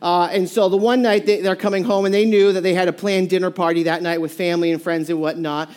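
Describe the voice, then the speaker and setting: A preacher giving a sermon, telling a story in a lively way with many restarts and short laughs. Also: medium pitch, fast, clean tone.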